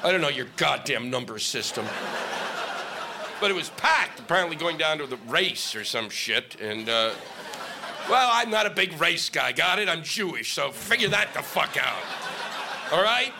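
A man doing a stand-up comedy set on stage, ranting and swearing with shouted bursts. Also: fairly high pitch, very animated, moderate pace, gravelly. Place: comedy stage before a live audience. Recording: live stage mic with noisy audience.

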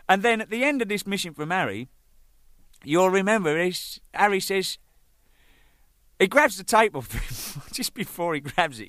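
An English drummer tells stories in a bright, forceful voice that leaps up and down in pitch. He is casual and animated, swears freely and pokes fun at himself, and the sound is close and dry. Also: no room sound. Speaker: band drummer telling stories. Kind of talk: casual anecdotal storytelling.

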